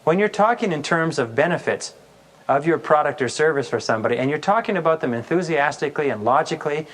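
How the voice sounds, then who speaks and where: A man's voice: fairly high pitch, expressive, fast. A man giving a sales seminar, telling stories and acting out the customer's answers with amusement. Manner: storytelling, acts out customer voices. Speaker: sales trainer. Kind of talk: recorded sales seminar talk.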